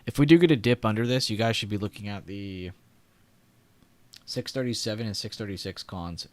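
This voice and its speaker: Chatty man hosting a trading stream. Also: lowish voice. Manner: chatty, reads chat aloud, laughs often. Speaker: livestream trading host. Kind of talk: casual livestream commentary.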